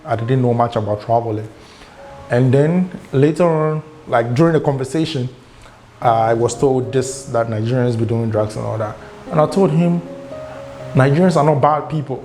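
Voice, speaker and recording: Animated Ghanaian man telling a travel story. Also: medium pitch, moderate pace. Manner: animated storytelling, acts out quoted dialogue. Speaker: travel vlogger. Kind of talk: casual storytelling vlog. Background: guitar music.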